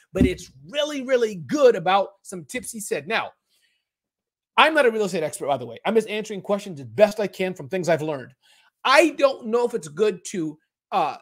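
Energetic, high-voiced male live-stream host. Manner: energetic and chatty, repeats words for emphasis; rapid-fire answers with casual slang. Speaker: host of a live online business summit. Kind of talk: live-stream Q&A, reading out and answering viewer questions.

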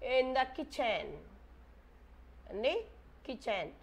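A woman's voice: high-pitched, sing-song, slow. A woman with an Indian English accent, teaching a maths lesson to young children, patiently asking questions and spelling words out letter by letter. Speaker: primary school teacher.

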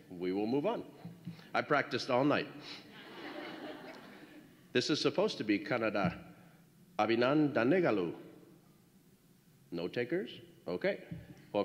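A man giving a ceremony speech at a graduation, playfully trying out congratulations in many languages before warmer closing words. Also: medium pitch. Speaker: school official addressing graduates. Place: large hall at a graduation ceremony. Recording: echoey hall, dull lo-fi sound.

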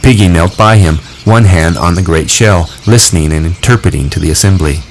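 A man narrating a novel aloud in a measured, expressive reading. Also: low-pitched, slight background noise, poor audio. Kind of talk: audiobook reading.

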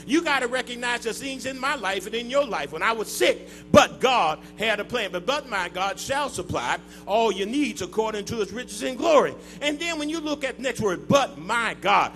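A male pastor preaching a sermon in call-and-response style, building to shouts and chanted, sung-out lines in a church. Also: very high-pitched, lively intonation, normal speed, few pauses, soft background music. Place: church sanctuary.

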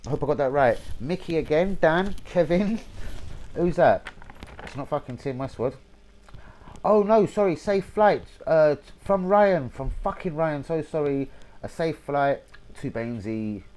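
A young man, hosting a football channel, reading out viewer shout-outs in a chatty, sweary way and stumbling over names. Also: fairly high pitch, animated, measured pace.

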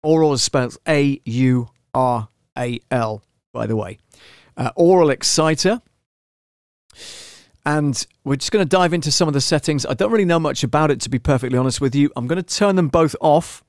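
A man talks through a casual live-stream tutorial in a chatty, self-deprecating way, often turning to the listener. His voice sits in a middle pitch. It is recorded close on a studio microphone with a dry, dead sound. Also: brisk, no room sound. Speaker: audio producer demonstrating mixer settings. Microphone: studio microphone through a mixer.

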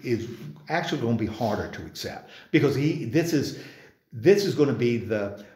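A man with a medium-pitched, darkish voice and big pitch swings leads an informal Bible study in a church meeting room at a moderate pace. He's conversational, quizzes the group and restarts frequently. The sound is reverberant.

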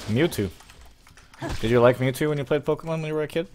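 A man streaming an online game, chatting casually with his teammates, teasing and joking, and now and then breaking into loud cheers. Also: on the high side, fast talker. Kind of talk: casual gaming commentary.

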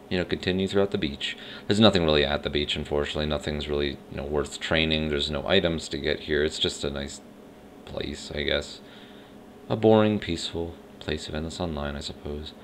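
A man's voice: extremely low pitch, fairly quick, slight background noise. A man giving casual gameplay commentary, rambling and unsure of himself as he thinks aloud. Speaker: let's play host. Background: faint game music.

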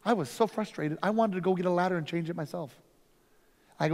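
A man, a lead pastor, teaching a conference workshop through energetic, emphatic stories. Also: high voice, fast talker. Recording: long reverb from a hall.

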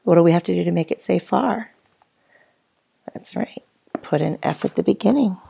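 A woman teaching a phonics lesson to first graders, speaking slowly and clearly and talking as if the children are answering her. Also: lowish voice, dark tone, a little hiss or hum. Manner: slow, clear, patient teacher voice with drawn-out words.

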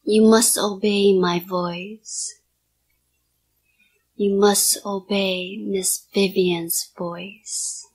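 A woman hypnotist in a whispered role-play, giving soft, repetitive hypnotic commands in a partly whispered voice. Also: medium pitch, little pitch movement, extremely slow, slightly rough.

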